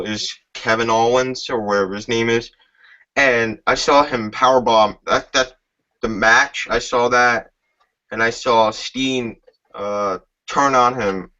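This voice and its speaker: A man's voice: medium pitch, pushed and bright. A man in a casual chat, rambling and profane, often groping for names mid-sentence. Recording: dull lo-fi.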